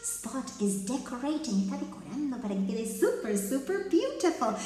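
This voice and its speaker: A woman's voice: sits high, very animated, fairly quick, warm tone, a little hiss or hum. A young woman, a children's English teacher reading a story aloud in a sing-song, coaxing way that invites the kids to join in. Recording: very echoey room with long reverb.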